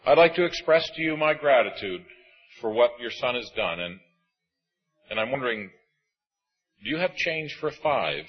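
A man delivers a sermon in a husky voice at normal speed, taking long pauses. His pitch moves in wide, lively sweeps, and he shifts between pressing phrases hard and dropping to a hush, with faint music under a dull, lo-fi recording.

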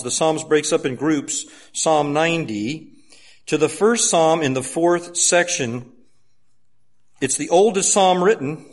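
In a slightly high voice, a man gives an emphatic sermon, full of rhetorical questions, alternating between forceful, loud urging and soft, hushed remarks.

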